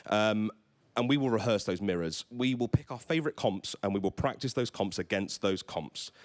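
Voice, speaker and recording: Stammering man giving a stage talk. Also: fairly low pitch. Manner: enthusiastic, stammers and repeats words. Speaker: conference presenter. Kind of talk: conference talk with audience questions. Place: event stage before a live audience.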